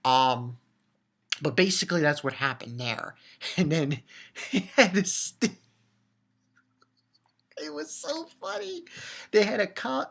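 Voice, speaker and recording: A woman giving a casual, excitable recap of an anime episode, laughing and swearing, with many restarts. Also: sits low, slightly rough. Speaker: anime reviewer.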